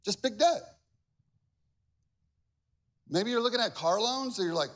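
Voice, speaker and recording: A male pastor preaching a sermon, animated and conversational, with humor and acted-out quotes. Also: high voice, a little slow. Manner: acts out quoted voices with big swings in loudness.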